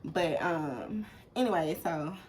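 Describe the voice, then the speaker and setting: A young woman with an Atlanta accent, telling a story in casual vlog style, animated and swearing freely. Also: slow. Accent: Southern US, Atlanta. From Atlanta, USA. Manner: animated, swearing, acts out quoted people in sudden loud high bursts. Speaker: vlogger.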